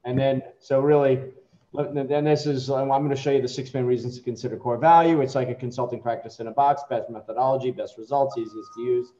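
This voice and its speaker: A middle-aged man, a company chief, chatting casually before a software demo and telling rambling stories that break off and restart. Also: mid-range voice, steady tone, a little fast. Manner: rambling, self-interrupting storytelling. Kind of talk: casual chat. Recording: echoey, dull lo-fi room sound.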